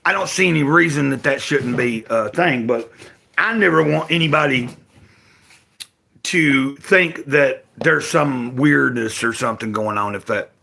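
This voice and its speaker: In a creaky, sharp, medium-pitched voice, an older man from Tennessee talks unhurriedly to his livestream audience from home. His Southern-accented chat is casual, rambling, folksy, and full of self-corrections.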